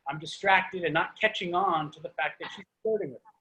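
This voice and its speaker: A man's voice: high-pitched, fairly quick, poor audio. A middle-aged man, a performance poet, doing a comic spoken-word reading over a video call. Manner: animated, comic delivery.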